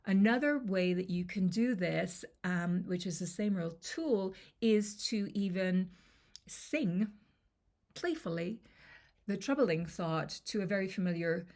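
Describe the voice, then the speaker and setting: Gravelly low-voiced woman confidence coach. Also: unhurried, a little mellow. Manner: conversational, checks in with "okay?". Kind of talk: coaching lesson to camera.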